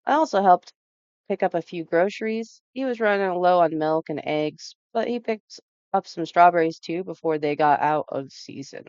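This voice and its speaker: A woman narrating a story game aloud in an even, storytelling delivery. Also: on the low side, normal speed, clean tone, dry recording, muffled recording. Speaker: let's play narrator.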